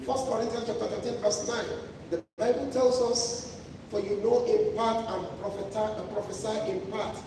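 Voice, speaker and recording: A high-voiced man preaches a sermon, pressing his points through repetition and restarts. He sounds far from the mic in a large, echoing hall with long reverb. A clear layer of noise sits under his voice. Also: flat delivery, normal speed. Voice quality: emphatic, repetitive phrasing with restarts. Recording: echoey hall from far off, noisy.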